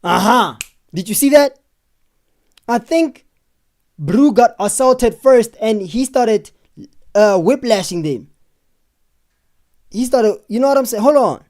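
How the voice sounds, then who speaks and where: A man hosting a live stream, giving excitable, chatty commentary on video footage and often breaking off to pause it. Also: extremely high pitch. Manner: excitable, chatty, keeps saying "hold on".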